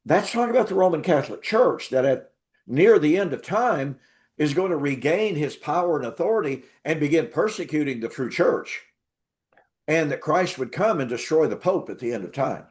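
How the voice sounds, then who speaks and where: A man's voice: fairly high pitch, lively intonation, moderate pace, a little mellow. A man telling his story as an interview guest and Bible teacher, emphatic, repeating words for stress.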